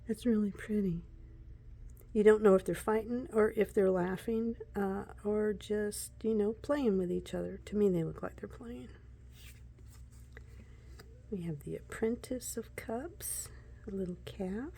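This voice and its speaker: A woman chatting through a casual deck walkthrough, excitable and talkative, often dropping into soft whispers. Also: medium pitch, unhurried, vocal fry, breathy edge. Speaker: tarot deck reviewer.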